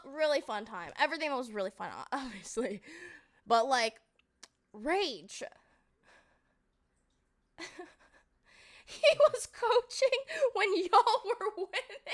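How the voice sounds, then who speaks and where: A young woman streamer recapping a game to her chat, telling the story with mock outrage, laughter and swearing. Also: very high voice.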